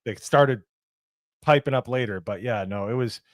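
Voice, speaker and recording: A man's voice: medium pitch, normal speed, no room sound. Male review co-host, easygoing and rambling, dry close sound. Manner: rambling, with restarts and asides. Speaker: podcast co-host. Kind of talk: casual movie review chat.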